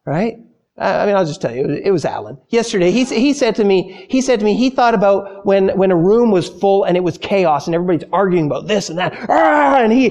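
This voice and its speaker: A man preaching a sermon to women, telling stories with lively acted-out voices and slowing down softly on key phrases. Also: sits high. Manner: animated storyteller, acts out panicked voices; slows and softens on key phrases.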